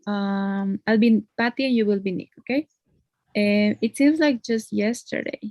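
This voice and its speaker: A woman teaches English grammar in a patient, step-by-step way, often checking in with a quick "no?". Her voice sits at an average pitch. It is recorded close and dry, with no room sound. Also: darkish tone, no room sound. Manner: patient, explains step by step with frequent tag questions. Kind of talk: one-on-one grammar lesson.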